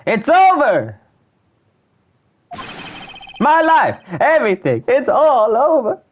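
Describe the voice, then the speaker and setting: Man playing a high, wailing, melodramatic young guy for a game; lively swings. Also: normal speed, a little hiss or hum. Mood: despairing. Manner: wailing, over the top. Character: panicky young male best friend, melodramatic.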